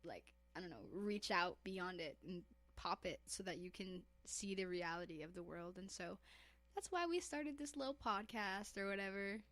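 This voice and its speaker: A woman's voice: medium pitch, lively intonation, moderate pace, a bit bright, no room sound. A woman co-hosting a casual podcast chat, teasing her co-host and laughing often.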